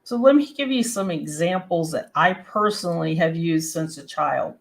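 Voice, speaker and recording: A woman's voice: on the low side, expressive, normal speed, creaky. A woman from West Virginia who hosts the show. She speaks with an Appalachian accent and explains things in a friendly way, spelling out examples. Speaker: host. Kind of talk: scripted talk to camera.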